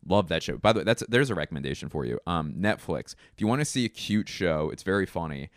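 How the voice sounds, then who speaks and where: On his casual solo podcast, a man with a low, smooth voice rambles loosely and swears freely, often restarting sentences and leaning on fillers. He talks quickly with lively intonation, and the recording is close and dry, without echo.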